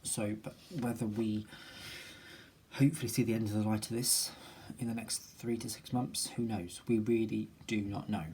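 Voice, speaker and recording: A man's voice: fairly low pitch, steady tone, moderate pace, a little mellow. Man rambling through a noisy video diary. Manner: rambling, many ums and restarts, musing aloud. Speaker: vlogger. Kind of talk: casual personal video diary.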